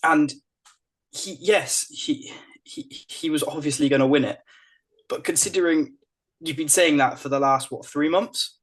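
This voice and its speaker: A man's voice: a little high, a little slow, slightly rough. A man co-hosting a wrestling podcast, laid-back and teasing, laughing often. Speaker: podcast co-host. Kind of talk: casual wrestling review chat.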